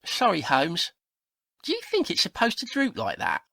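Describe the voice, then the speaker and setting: A woman's voice: fairly low pitch, huge pitch swings, normal speed, gravelly, a bit bright, dry recording, clean studio sound, exaggerated voice. A woman voicing a clumsy, cheeky male sidekick in a comedy audio play, apologetic and easily amused.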